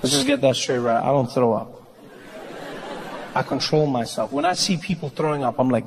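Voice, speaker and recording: A man performing a stand-up routine on stage, telling a story with animated delivery and playful impressions. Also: mid-range voice, moderate pace, long pauses, crowd noise, noisy background. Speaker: stand-up comedian. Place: comedy stage before a live audience. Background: audience laughter.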